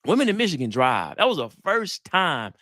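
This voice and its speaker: Guy hosting a live dating talk, slangy storyteller, crisp dry audio. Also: fairly high pitch, moderate pace, no room sound. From Atlanta, US South. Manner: animated storyteller, acts out quotes, slangy. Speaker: psychologist hosting a live session.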